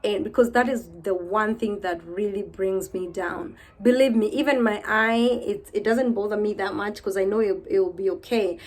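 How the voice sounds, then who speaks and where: A woman in her thirties vlogging to camera in a casual, heartfelt way, weary and low, repeating herself as she talks of faith. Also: moderate pace, few pauses.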